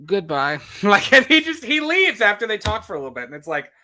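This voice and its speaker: A man with a fairly high, bright voice that swings widely in pitch talks through a film in casual podcast chatter. He laughs often and slips into quick impressions of the characters. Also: a little hiss or hum. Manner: animated, laughs often, acts out characters' lines. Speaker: podcast co-host. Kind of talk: casual movie commentary.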